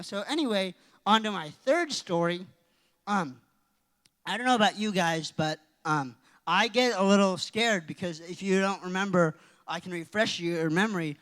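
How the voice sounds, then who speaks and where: A teenage boy giving a youth-group talk, telling rambling, excitable stories. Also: high-pitched, moderate pace. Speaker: youth speaker. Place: church hall. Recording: reverberant hall.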